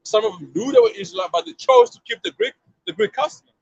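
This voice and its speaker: A man's voice: very high-pitched, wildly swooping pitch, fast talker, creaky, husky, lo-fi sound. A man street preaching outdoors to a passer-by, emphatic and slangy, often repeating himself and asking if you see what he means.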